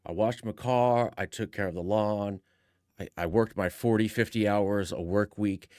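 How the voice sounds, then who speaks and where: A man's voice: lowish voice, normal speed, darkish tone, no echo, studio quality. A man hosting reaction commentary, speaking in a sarcastic, mocking way. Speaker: commentary host.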